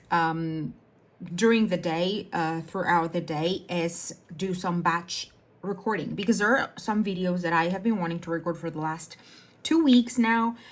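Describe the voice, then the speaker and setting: A young adult woman with a slightly low voice chats casually while she works on a craft project. She rambles from thought to thought and often stops to correct herself, in the easy tone of a channel host. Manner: rambling, self-correcting, chatty. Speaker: diamond painting channel host.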